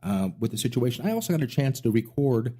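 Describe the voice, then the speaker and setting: A man's voice: medium pitch, big pitch swings, quick pace, warm tone, husky. A middle-aged man hosting a music radio show, telling rambling stories with enthusiasm. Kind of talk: casual interview chat.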